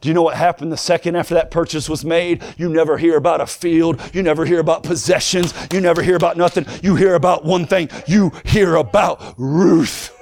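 In a brisk fiery sermon with hardly any pauses, a man's high, gravelly voice alternates soft asides with shouted, near-sung lines. The intonation stays fairly even, carried by a steady sing-song preaching rhythm.

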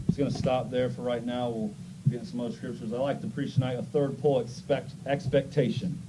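A man's voice: mid-range voice, fairly even intonation, moderate pace, noisy background. A man pastoring a church service, talking in a folksy, conversational way and praying with rising fervor, while his voice is going. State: losing his voice. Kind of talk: church service, singing, prayer and announcements.

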